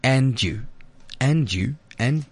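A man hosting a radio chat from the studio. His pitch swings widely as he teases and jokes in a theatrical, playful way, though his voice sits in a middle register. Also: animated, slow pace, breathy edge. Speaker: radio host.

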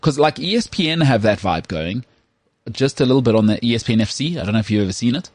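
Husky South African man, opinionated chat. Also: medium pitch, fast talker, no room sound. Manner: animated, opinionated, repeats words when starting. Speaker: podcast co-host. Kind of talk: casual chat.

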